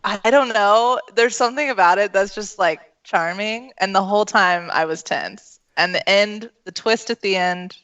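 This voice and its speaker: A woman co-hosts a casual live-stream movie talk show. She talks in a breezy, chatty way with frequent laughs, and her voice is bright and sharp. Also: medium pitch, moderate pace, hardly any pauses, muffled recording. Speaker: co-host.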